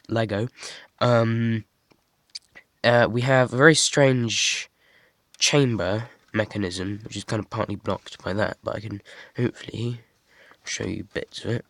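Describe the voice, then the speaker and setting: A man's voice: fairly low pitch, fairly even intonation, unhurried, a bit bright, dry recording. A man with a cold, rambling with lots of ums as he shows off a model he built. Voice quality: husky. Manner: rambling, many ums, self-deprecating asides. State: stuffy and congested from a cold. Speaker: hobby builder showing his model. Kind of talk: casual show-and-tell.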